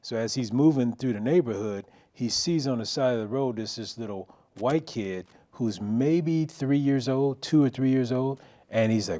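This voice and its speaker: A middle-aged man telling a story on a local talk show, animated and acting out the quotes. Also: mid-range voice, normal speed.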